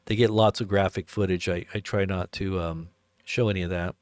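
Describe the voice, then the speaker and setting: A man preaching and commenting on the news, emphatic, full of rhetorical questions and quick restarts. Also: sits low, fairly even intonation, a little mellow, no room sound.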